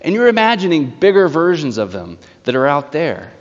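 A man voicing a sly, mocking evil witch who speaks softly and coaxingly with feigned innocence. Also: fairly high pitch, big pitch swings, moderate pace. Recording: echoey church hall, slightly dull.

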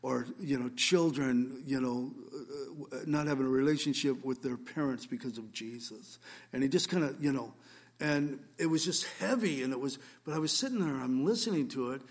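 A man's voice: mid-range voice, normal speed. A male pastor giving a conversational sermon, telling a story earnestly with frequent restarts.

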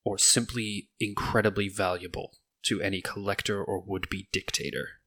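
A man narrating as game master of a tabletop game in a steady, descriptive way. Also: low voice, normal speed.

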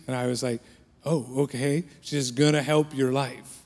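A man's voice: mid-range voice, fairly even intonation, unhurried. Man preaching in a reverberant hall. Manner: impassioned preaching that swells then drops to a hush. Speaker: pastor. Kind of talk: sermon.

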